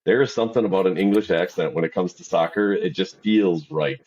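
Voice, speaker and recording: A man's voice: deep voice, fairly quick, darkish tone, slight background noise. A middle-aged man from Wisconsin co-hosting a sports parenting podcast, agreeable and hesitant, with many fillers. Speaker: podcast co-host. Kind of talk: casual chat. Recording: slightly dull lo-fi sound.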